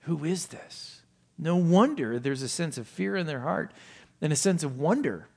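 A male pastor preaching a sermon, asking rhetorical questions and swinging from loud emphasis down to hushed, low asides. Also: lively intonation, normal speed, gravelly. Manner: asks many rhetorical questions.

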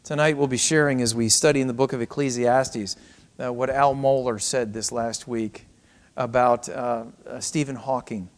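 A middle-aged man preaching a sermon, swinging between raised cries and hushed, almost whispered passages. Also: mid-range voice, steady tone, moderate pace. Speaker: pastor.

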